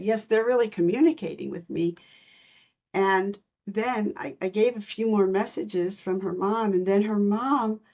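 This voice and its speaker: A woman telling personal spiritual stories in a podcast interview, earnest and animated, acting out the quotes. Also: mid-range voice, dull audio. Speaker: spiritual medium guest.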